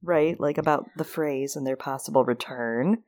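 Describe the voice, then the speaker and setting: A woman's voice: low voice, normal speed, a little mellow. A woman co-hosting a casual book discussion podcast, wry and joking. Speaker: podcast co-host.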